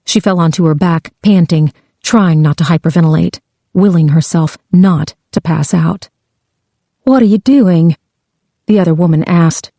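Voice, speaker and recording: A woman narrating a thriller audiobook with a slow, tense delivery. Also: sits low, steady tone, dark tone, dry recording.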